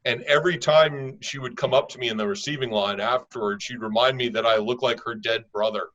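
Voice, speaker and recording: A man in a casual group chat, telling stories in a dry, low-key way. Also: fairly quick, a bit bright, lo-fi sound. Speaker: improv comedy cast member.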